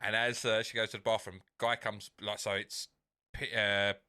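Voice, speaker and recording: A man's voice: fairly low pitch, little pitch movement, normal speed, bright, forceful tone, clear, resonant tone. A man co-hosting a podcast, swearing freely and acting out quotes in crude casual banter. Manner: sweary, laughs a lot, acts out quotes. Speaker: podcast co-host.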